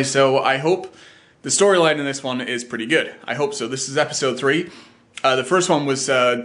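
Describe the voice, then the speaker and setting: A man's voice: mid-range voice, fairly bright tone. A young man chatting casually on a vlog, rambling with lots of uhs and ums. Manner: rambling, full of uh and um. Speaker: vlogger. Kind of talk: casual chat.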